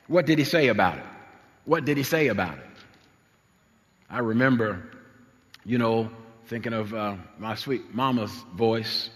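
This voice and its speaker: Older pastor from jersey preaching, voice jumps all over, bright, echoey church hall. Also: male voice, fairly high pitch. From New Jersey. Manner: animated, repetitive, laughing storyteller. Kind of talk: sermon with personal storytelling.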